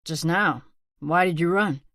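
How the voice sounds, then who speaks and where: A woman voicing a blunt, wary rural male hunter in a whispered role-play storybook reading, quiet and firm. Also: lowish voice, a little slow, no room sound, clean studio sound. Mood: concerned.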